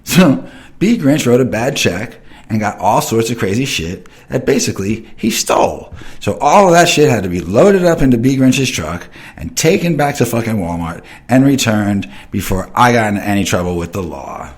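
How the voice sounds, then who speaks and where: Deep-voiced middle-aged man, rambling and profane. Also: lively intonation, normal speed, few pauses. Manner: rambling, swears constantly, talks straight to listeners; reads and answers chat comments. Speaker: host of an internet radio show. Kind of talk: casual profane monologue.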